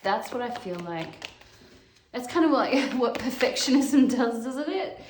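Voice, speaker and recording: A woman's voice: a little high, expressive. Musing woman in an echoey room. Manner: slow, musing, thinking aloud with sighs and soft laughs. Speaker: tarot reader. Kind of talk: casual solo tarot reading. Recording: echoey room with clear background noise.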